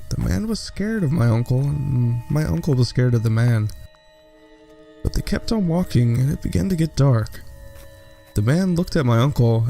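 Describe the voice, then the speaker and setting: A man reads horror stories aloud as a theatrical host, pausing for slow dramatic effect. His voice is dark and gravelly at a mid pitch. Soft music plays quietly underneath. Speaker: horror story narrator. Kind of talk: scripted narration.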